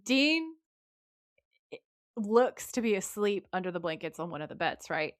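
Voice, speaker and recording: A woman co-hosts a recap podcast in casual chat and relays the plot with lively energy. She swears freely as she talks. Her voice sits in a middle range and is recorded dry and close. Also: medium pitch, moderate pace, no echo. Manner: animated storytelling, voices the characters' lines. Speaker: podcast co-host.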